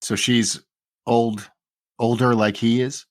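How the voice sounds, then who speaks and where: A man's voice: medium pitch, flat delivery, slow, no room sound, studio quality. A man in his forties playing a tabletop game, hesitant and questioning. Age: 40s. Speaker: player. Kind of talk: tabletop role-play.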